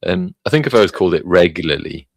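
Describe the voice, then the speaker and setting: Gravelly low-voiced Welsh-born man. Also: animated, fast talker, no room sound. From Wales. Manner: hesitant, self-deprecating, frequent restarts. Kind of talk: casual livestream chat.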